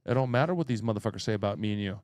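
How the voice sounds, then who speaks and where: A man's voice: fairly low pitch, expressive, very fast, darkish tone, dry recording, clean studio sound. A man hosting a casual chat, talking in an emphatic, profane way and repeating phrases as he builds his point.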